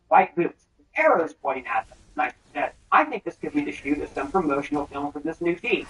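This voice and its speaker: A man hosting a film trailer breakdown, with brisk, enthusiastic commentary. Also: high voice, rough recording. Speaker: host.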